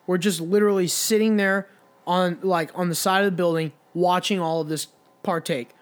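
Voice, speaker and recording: The speaker is a young man co-hosting a podcast, with a high-pitched voice, a steady tone, and a moderate pace. He casually recounts a long, rambling bar story laced with profanity, quoting the other people in voices.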